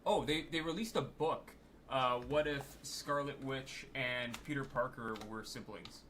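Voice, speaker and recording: A man's voice: medium pitch, measured pace, bright, forceful tone, slight background noise. A man co-hosting a live stream, joking and chatting casually. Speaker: stream co-host.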